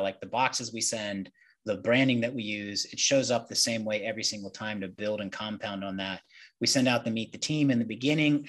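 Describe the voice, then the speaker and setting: A man's voice: medium pitch, a bit bright, breathy edge. A man, a mortgage loan originator answering interview questions in a candid, conversational way. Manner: candid, conversational, acts out client dialogue.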